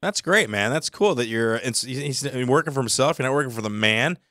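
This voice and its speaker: A man hosting a live chat show, animated, laughing a lot and rambling with fillers. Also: medium pitch, a little fast, no room sound, clean studio sound. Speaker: show host. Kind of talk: casual chat.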